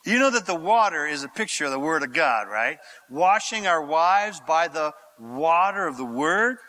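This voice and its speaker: Man preaching, high and bright, acts out the story, swings up and down a lot. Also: very animated, moderate pace, low-quality recording. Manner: theatrical, acts out scripture characters with shouts and voices. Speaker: pastor. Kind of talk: animated sermon.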